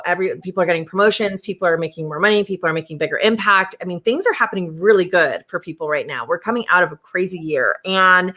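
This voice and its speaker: Woman, podcast host, bright voice, animated, chatty storytelling, laughs a lot. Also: lowish voice. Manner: animated, laughing, acts out her own inner dialogue. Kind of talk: casual conversational storytelling.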